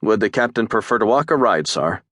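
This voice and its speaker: A man's voice: on the low side, animated, fairly quick, fairly bright tone, no echo, clean studio sound, voice pushed up. A man voicing a young male cadet who is stiffly formal and nervous, speaking in clipped military phrases.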